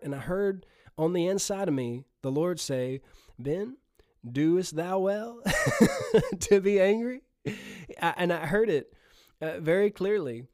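A man's voice: a little high, a little mellow, no room sound, studio quality. A man preaching a sermon in an earnest, conversational way, often chuckling as he speaks.

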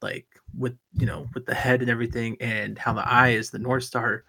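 A man with a bright, forward tone and a gravelly catch in his voice talks casually about sports. He rambles enthusiastically and keeps restarting his sentences mid-thought. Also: medium pitch, level tone, moderate pace. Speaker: podcast co-host.

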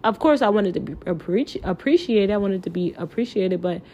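On a lo-fi recording with slight background noise, a woman with a medium-pitched, warm voice talks a little fast with lively intonation. Hosting her podcast solo, she's near tears, impassioned and pleading, full of filler words and swearing.

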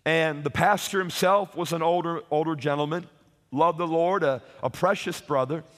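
A man preaching a sermon in an emphatic way, repeating words, rising to shouts on key points and asking his listeners "Hello?". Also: a little high, moderate pace, in a large hall.

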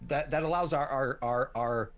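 A man's voice: mid-range voice, normal speed. A man in his late forties answering interview questions casually, rambling with lots of restarts and fillers. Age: late 40s. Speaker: interview guest, women's wrestling site runner.

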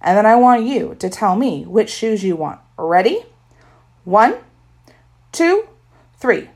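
A woman's voice: mid-range voice, sing-song, slow pace, a little mellow, pitched above the performer's own voice. Woman doing a fretful, fussy mother. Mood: firm. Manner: fretful, scolding. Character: fussy worried mother, middle-aged woman.

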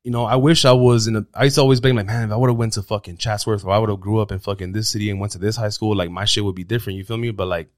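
A man's voice: fairly low pitch, fairly even intonation, very fast, few pauses, no room sound, studio quality. A young man as a podcast guest, brash and swaggering, talking in profane street slang. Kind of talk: casual podcast interview.

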